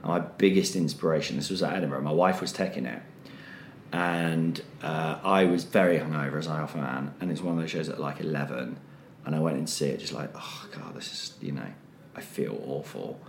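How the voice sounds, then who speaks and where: A man's voice: extremely low pitch, fairly even intonation, brisk, slight background noise. A man, a comedian and podcast co-host, telling a loose, rambling comic story full of fillers and acted-out voices. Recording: roomy echo.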